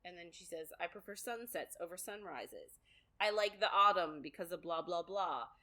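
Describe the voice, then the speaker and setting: A woman's voice: on the low side, normal speed, pushed and bright. A woman co-hosting a podcast, chatting casually through a book recap with lots of fillers and quoted asides. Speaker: podcast co-host.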